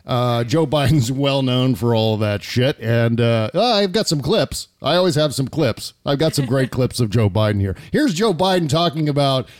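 A man hosts a comedic talk show, joking and laughing. His pitch rises and falls in a lively way. He speaks at a middle pitch for a man, in a casual, teasing manner. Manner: joking, laughs often, quick asides. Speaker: host.

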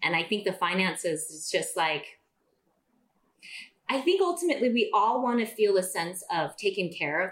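A woman's voice: medium pitch, moderate pace. Chatty woman telling a story, does the voices, kinda echoey room. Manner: animated, acts out quoted dialogue in a raised voice. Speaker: podcast guest. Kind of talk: casual storytelling.

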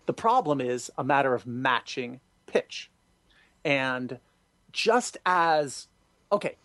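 A man being interviewed, telling stories expressively and acting out quoted voices, with sudden high jumps for emphasis. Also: dry recording. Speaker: guest, singer and former music director. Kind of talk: animated interview storytelling.

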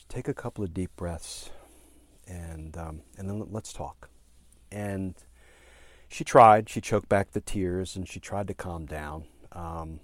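A man in his fifties, a former prosecutor, telling a story in an earnest, halting way with fillers and emphatic repeated phrases. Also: low-pitched, darkish tone, no room sound. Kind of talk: storytelling commentary.

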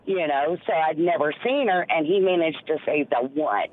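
A woman calling in to a radio show and telling a personal story in an emphatic, animated way. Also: low voice, moderate pace. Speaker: caller. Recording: tinny phone line.

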